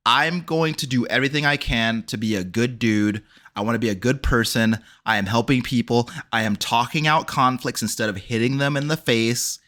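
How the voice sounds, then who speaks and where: A man's voice: mid-range voice, moderate pace, a bit bright. A man co-hosting a podcast in casual chat, joking and blurting short reactions. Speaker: podcast co-host.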